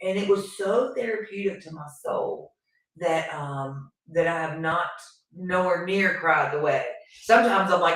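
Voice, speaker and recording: A woman's voice: fairly low pitch, lively intonation, fairly bright tone. Frank woman guest in an echoey room. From Appalachian North Carolina. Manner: frank, quick to reassure. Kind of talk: emotional casual conversation. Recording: echoey room, far from the mic.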